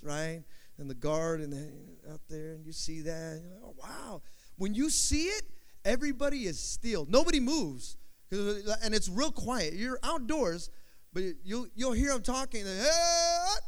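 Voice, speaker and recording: A man preaching a sermon, telling a story with animated delivery and repeating phrases for emphasis. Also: high-pitched.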